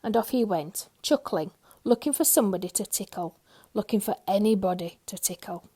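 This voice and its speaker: A woman storyteller reading a children's picture book aloud, gentle and expressive. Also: mid-range voice, a little fast, husky.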